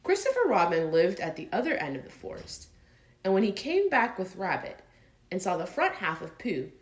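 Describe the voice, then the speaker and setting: A woman narrating a classic children's storybook as an audiobook, reading gently and expressively. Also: medium pitch, sing-song, moderate pace, poor audio.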